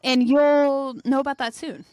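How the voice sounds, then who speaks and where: A young woman joking with her mother on a podcast, teasing and quick to laugh. Her voice is recorded close and dry, with no room sound. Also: sits high, steady tone, a little mellow, no echo. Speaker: podcast co-host, daughter. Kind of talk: casual chat.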